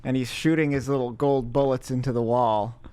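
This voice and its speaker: A man's voice: mid-range voice, fairly even intonation, moderate pace, dark tone, clean tone, dry recording. Dry, sardonic male podcast co-host. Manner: dry, sardonic plot summaries. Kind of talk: casual movie recap chat.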